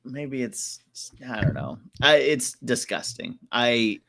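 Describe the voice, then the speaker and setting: A man's voice: medium pitch, creaky. A young man co-hosting a casual podcast chat, joking and swearing freely. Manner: animated, joking, profane, quick bursts of laughter. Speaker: podcast co-host.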